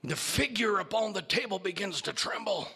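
A man preaching a sermon, telling a story in a theatrical, slow manner. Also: sits high, animated, vocal fry, pushed and bright, breathy edge.

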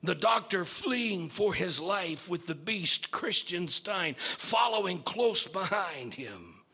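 A man preaching a sermon, telling a story in a theatrical, slow manner. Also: high voice, sing-song, bright, forceful tone, breathy edge.

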